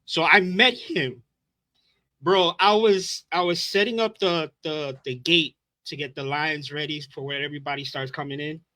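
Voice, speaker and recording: A man co-hosting a podcast, excitable and profane, reacting quickly and telling his own stories. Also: on the high side, no echo. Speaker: podcast co-host. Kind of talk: casual chat, storytelling.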